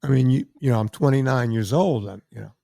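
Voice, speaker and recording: A middle-aged man hosting a podcast, telling a lively story and acting out the other people's lines. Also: medium pitch, quick pace, vocal fry, no echo, studio quality. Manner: animated storyteller acting out quoted voices. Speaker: podcast host. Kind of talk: casual storytelling chat.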